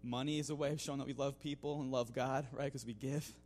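There's slight background noise as a church member recounts his mission trip to the congregation. His mid-range voice is darkish and fairly even, he talks fast, and his loose telling is full of "you know," restarts and the odd chuckle.

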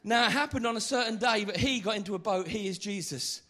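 Bright, high-voiced man preaching with comic flair. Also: fast. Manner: animated, comic storytelling with acted-out voices. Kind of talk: comic evangelistic sermon. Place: church meeting.

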